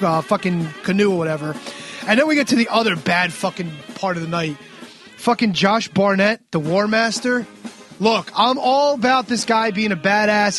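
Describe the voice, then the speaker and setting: A man co-hosting a casual podcast, recapping wrestling in an animated way and swearing constantly. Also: sits high. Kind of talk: casual profane podcast chat.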